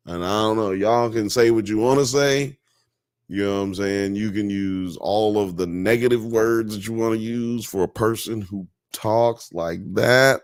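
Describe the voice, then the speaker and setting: A man hosting a casual live-stream talk show, animated, slangy and joking. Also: on the low side, a little slow, clear, resonant tone, no echo, clean studio sound. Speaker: podcast host.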